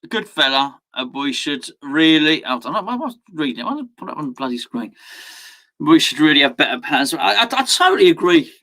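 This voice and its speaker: Lively, bright-voiced man chatting on a live stream. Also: a little high, a little fast. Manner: chatty, reads out chat, laughs often, sudden outbursts. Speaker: watchalong host. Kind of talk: live-stream chat with viewers.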